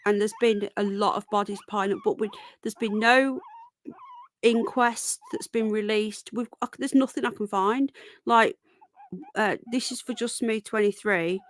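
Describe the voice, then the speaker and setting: A woman's voice: mid-range voice, steady tone, measured pace, no echo. A woman with a Birmingham accent hosting a casual livestream, chatting in a rambling way and cooing over her pet rabbits. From Birmingham, England. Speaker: livestream host.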